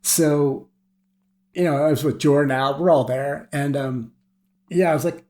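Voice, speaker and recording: A man's voice: a little high, steady tone, measured pace, pauses often, darkish tone. A middle-aged man, a veteran climber and podcast guest, telling stories in a casual, rambling way, often laughing and filling with "you know" and "like". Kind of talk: casual storytelling.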